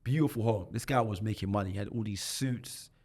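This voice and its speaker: Appearing on a podcast, a twenty-something man from London recounts his life in lively, slang-filled speech, frequently restarting and repeating himself. He speaks a little fast, with a voice on the low side.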